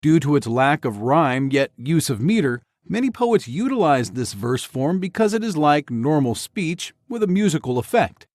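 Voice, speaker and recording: A man giving scripted educational narration in a slow, measured, evenly paced delivery. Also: on the high side, animated, a little mellow, no room sound, clean studio sound.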